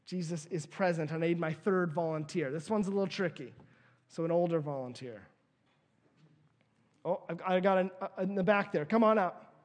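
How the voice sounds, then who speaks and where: A man preaching a sermon, lively and playful, bringing volunteers up to act out the story. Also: high voice. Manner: lively, playful, lets out small laughs. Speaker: pastor.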